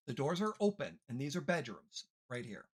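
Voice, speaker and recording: A man's voice: mid-range voice, big pitch swings, moderate pace, husky. A man running a tabletop game as game master, describing rooms and asking players for checks. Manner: describes scenes, asks for rolls.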